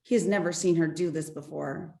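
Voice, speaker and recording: A woman narrating the stage directions of an amateur radio play in a plain, even manner. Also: low voice, brisk, vocal fry.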